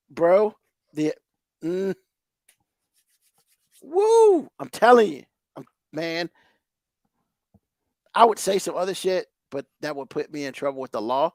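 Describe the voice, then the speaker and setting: Gravelly, heated man ranting on a podcast. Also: on the high side, expressive, moderate pace, a little mellow, dry recording, studio quality. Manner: heated, profane, exasperated ranting. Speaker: podcast host. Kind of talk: profane ranting podcast chat.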